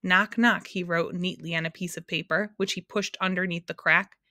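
A woman reading a children's storybook aloud in a calm, expressive way. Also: fairly low pitch, brisk, no echo, studio quality. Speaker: narrator.

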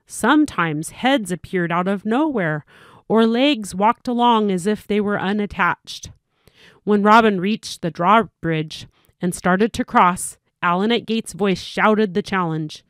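A woman reading a storybook aloud as narrator, steady and clear, with small slips. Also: medium pitch, unhurried, no echo, studio quality.

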